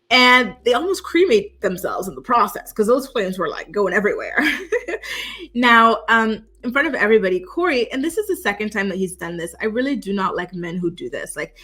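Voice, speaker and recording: A woman's voice: mid-range voice, bright, forceful tone. A woman in casual, chatty commentary, recapping a reality show with lots of gossipy asides. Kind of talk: casual chat.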